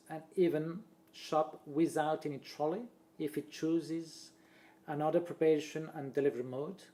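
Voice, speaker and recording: A man, a presenter reading a marketing talk aloud in a steady voice and listing points one after another. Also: on the high side. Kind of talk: read-aloud presentation voice-over.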